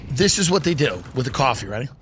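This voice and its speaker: A man's voice: big pitch swings, fast talker, a bit bright, slight background noise. A middle-aged man hosting a comedy podcast, riffing sarcastically, acting out mock dialogue and swearing freely. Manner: swears freely, big swings in pitch. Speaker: podcast host.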